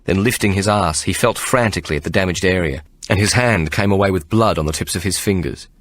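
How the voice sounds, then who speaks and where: Low-voiced man narrating an audiobook. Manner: measured, expressive storytelling. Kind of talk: scripted narration.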